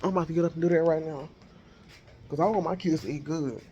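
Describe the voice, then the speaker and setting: A man vlogging casually from his home kitchen on a handheld phone, thinking out loud as he cooks. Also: on the high side, fast talker, breathy edge, dull audio. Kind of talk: casual chat while cooking.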